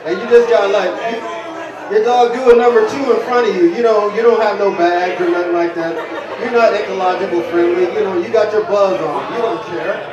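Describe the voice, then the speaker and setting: A man's voice: high voice, fairly quick, muffled recording. A man doing a stand-up comedy set in a bar, rambling loosely and quizzing the crowd. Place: bar stage at an open-mic show. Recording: echoey bar taped from far off with a crowd.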